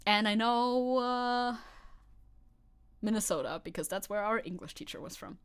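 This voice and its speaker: A woman's voice: a little high, expressive, normal speed, clear, resonant tone. A young woman streamer chatting casually over news clips, rambling and swearing, laughing often and restarting her sentences. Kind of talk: casual live-stream chat.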